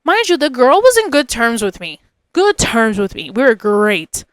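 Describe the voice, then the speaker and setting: A woman's voice: on the high side, very animated, moderate pace, clean tone, no room sound. A young woman hosting a podcast, telling a personal story in a chatty, rambling way, full of fillers and asides. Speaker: podcast host.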